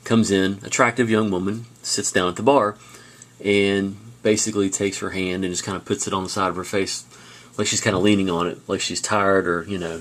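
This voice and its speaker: On video, a man teaches a high school class, telling stories casually with fillers and restarts.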